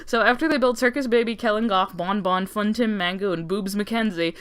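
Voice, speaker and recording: A woman's voice: mid-range voice, a little fast, a bit bright, clean tone. A young woman recapping a story timeline in a sarcastic, rambling way with lots of swearing. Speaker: lore recap narrator. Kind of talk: comedic lore recap.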